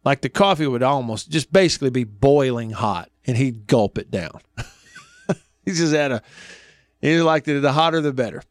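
A man's voice: mid-range voice, expressive, moderate pace, no room sound. A man in his thirties hosting a radio talk show, telling folksy family stories and laughing often.

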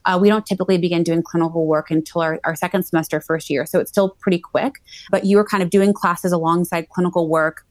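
A woman's voice: lowish voice, fairly even intonation, fast talker, few pauses, dry recording. A woman in her thirties, a psychology doctoral student, talking casually as an interview guest with many fillers and restarts. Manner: chatty, frequent "like" fillers and restarts.

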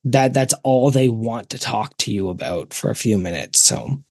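A man co-hosting a podcast in casual chat, animated and laughing often, swearing freely. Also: mid-range voice, moderate pace, gravelly, dry recording. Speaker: podcast co-host.

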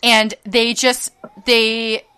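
A young woman casually telling a story on a podcast, animated and quick to act out other people's voices. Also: a little high, clear, resonant tone. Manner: animated, acts out quoted people, laughs often, swears casually. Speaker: podcast co-host.

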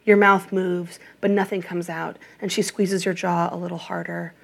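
A woman reading an audiobook in a measured, even narration. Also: lowish voice, creaky.

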